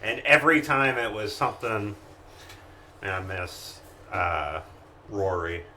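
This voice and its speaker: A man playing a tabletop game with friends, chatty and quick to protest. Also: lowish voice, steady tone, a little hiss or hum. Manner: bright, chatty, protests and jokes. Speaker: player. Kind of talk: casual chat at a game table.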